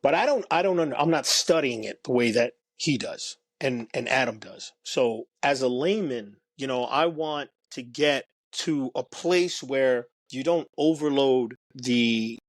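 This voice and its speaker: A man's voice: medium pitch, unhurried, hardly any pauses, no room sound. Rambling man talking with many restarts. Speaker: guest documentary filmmaker. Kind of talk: casual podcast conversation.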